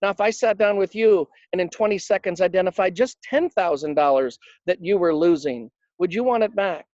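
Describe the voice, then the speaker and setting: A man's voice: high voice, brisk, a little mellow, no room sound, highs cut off. A man being interviewed about his work coaching financial advisors, telling anecdotes with emphasis and acting out the quotes. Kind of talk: conversational interview storytelling.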